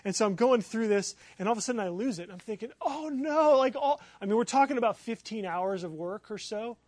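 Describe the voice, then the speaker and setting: High-voiced excitable male pastor. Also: fast talker, no echo. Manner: animated, excitable storytelling with many fillers. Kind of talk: sermon storytelling.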